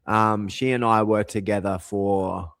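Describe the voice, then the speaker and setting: Middle-aged guy rambling on his vlog, lowish voice, dry close sound. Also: steady tone, measured pace, gravelly, fairly bright tone, no room sound. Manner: rambling, digressive, full of asides. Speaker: vlogger. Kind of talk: casual monologue to camera.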